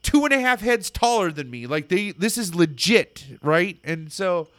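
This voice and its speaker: A man telling a story in casual chat, excitable and rambling, full of fillers. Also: high voice, moderate pace, no room sound.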